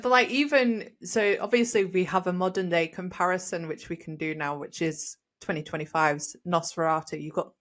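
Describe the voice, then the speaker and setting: A woman with a somewhat low voice hosts a casual film review podcast. She talks in a chatty, animated way and laughs often. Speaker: podcast host.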